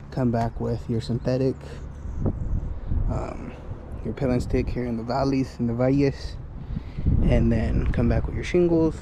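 A young male roofer walking rooftops outdoors and casually explaining what he sees, at times out of breath. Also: mid-range voice. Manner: loose, explaining as he walks the roof. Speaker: roofing salesman and foreman. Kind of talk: casual walkthrough vlog. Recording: outdoor noise behind the voice.

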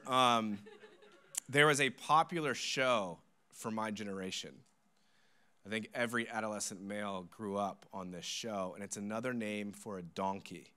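A man in his thirties, a pastor, telling a sermon story in an animated, self-deprecating, joking way. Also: fairly low pitch.

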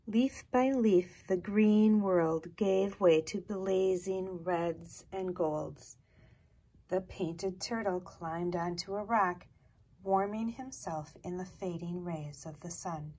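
A woman reading a children's picture book aloud in a slow, gentle, expressive way, sometimes dropping to a hush. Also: lowish voice, breathy edge. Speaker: storyteller.

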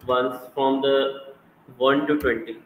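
Slow halting teacher in echoey classroom. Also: male voice, medium pitch, fairly even intonation. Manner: slow, halting, with many "uh" fillers. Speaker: Mandarin teacher. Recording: echoey room, far from mic, background noise.

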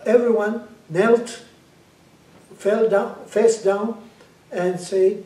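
Echoey preacher. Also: male voice, sits high, expressive, slow pace. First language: Amharic. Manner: hesitant with frequent 'uh' fillers, rising to loud fervent praise. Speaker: preacher giving a testimony. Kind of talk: spoken testimony, sermon-like storytelling. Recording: echoey room, voice far from the mic.

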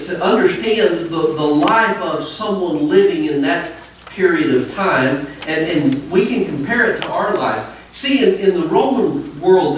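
Preacher echoing through a large church. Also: male voice, fairly high pitch. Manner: conversational, storytelling. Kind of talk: sermon. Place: church sanctuary. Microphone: wireless mic cutting out. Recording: echoey sanctuary, distant mic, faint noise.

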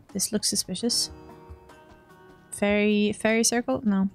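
A woman's voice: medium pitch, a little slow, pauses often, soft background music. A woman giving chatty let's play commentary, often scolding herself and talking back to game characters. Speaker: gaming streamer.

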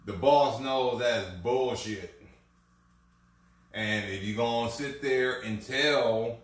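Speaking slowly in a mid-range voice, this podcast host meanders through a lengthy anecdote about work on his laid-back talk show, frequently starting over. His mic is distant and the room echoes.

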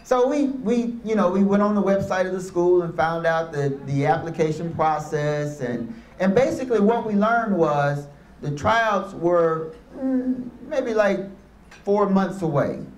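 A man delivers a motivational speech, pulling his listeners in with stories and calls for an amen. His voice sits high for a man. It rings around an echoey room full of people. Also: lively intonation, a little slow. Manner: storytelling with call-and-response. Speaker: motivational speaker. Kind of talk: motivational speech to youth and parents. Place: room with a live audience.

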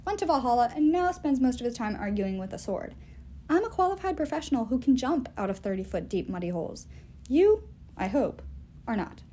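A woman reads a novel aloud, carrying the first-person narration with lively, swooping pitch. Her voice sits a touch high. A faint noise hangs behind her. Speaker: audiobook reader.

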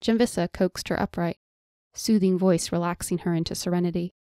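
Woman narrator, fantasy audiobook, measured storytelling, fairly low pitch, dry recording. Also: level tone, mellow, dry recording. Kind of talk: scripted narration.

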